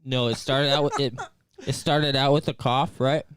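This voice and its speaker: A man's voice: mid-range voice, fairly even intonation, moderate pace, a bit bright, a little hiss or hum. A man co-hosting a casual live-stream chat, telling a story with lots of fillers, restarts and laughs. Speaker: co-host. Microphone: desk mic, headphones.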